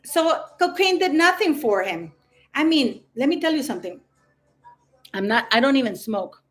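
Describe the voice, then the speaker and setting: A woman's voice: high voice, sing-song, moderate pace, fairly bright tone, soft background music. A woman hosting a casual livestream, rambling and chatty with lots of fillers. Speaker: livestream host.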